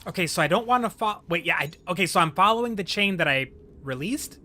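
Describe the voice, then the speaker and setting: A man streaming a game live, talking to himself and his chat in an excitable way and laughing often. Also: high-pitched, fast talker, slight background noise. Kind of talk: live gameplay commentary and chat banter.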